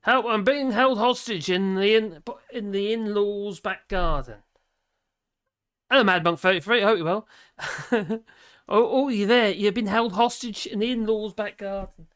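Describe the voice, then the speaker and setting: Clear and resonant, this man's high, fairly bright voice moves at a measured pace as he runs a live stream. He reads out news items and chat comments, laughing often and keeping things wry and conversational.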